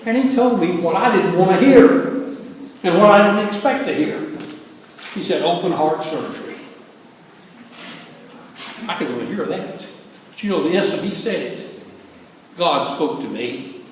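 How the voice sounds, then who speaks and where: A man's voice: high voice, animated, a little slow, long pauses, slight background noise. An older man from the American South, a pastor telling a story in a folksy, joking sermon. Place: large church sanctuary. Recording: echoey hall from far off.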